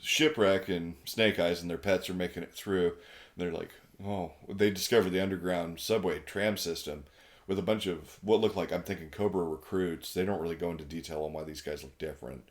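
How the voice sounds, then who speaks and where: Low-voiced man recapping a cartoon, chuckling. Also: brisk. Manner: laughs through plot summaries and quotes. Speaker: podcast co-host. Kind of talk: casual cartoon episode recap.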